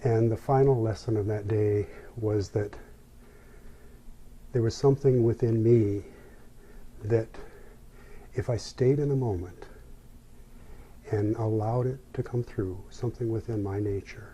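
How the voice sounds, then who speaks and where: A man telling a personal story as an interview guest, in a reflective, unhurried way. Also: lowish voice, steady tone, warm tone, a little hiss or hum.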